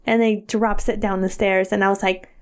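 A young woman co-hosting a casual chat, telling stories in an animated way, laughing often and acting out quotes. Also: medium pitch, normal speed, clear, resonant tone. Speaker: podcast co-host.

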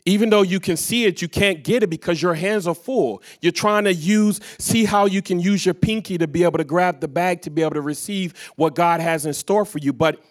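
A man's voice: high-pitched, a little fast, few pauses. Guy preaching on a church stage, tells stories and acts out the back-and-forth. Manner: storytelling with quoted dialogue, varied loudness. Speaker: pastor. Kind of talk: sermon. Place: church stage before a live congregation.

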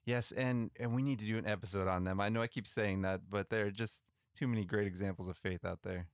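Low, smooth-voiced man telling history. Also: quick pace, no echo, clean studio sound. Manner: relaxed, chatty, with frequent restarts and fillers. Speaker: podcast co-host. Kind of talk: casual storytelling about missionary history.

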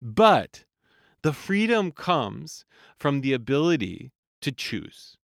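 A man who coaches singers, explaining vocal function in a calm, measured podcast lesson. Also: medium pitch, vocal fry, no room sound, studio quality. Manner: calm, explanatory, demonstrates sung vowel sounds.

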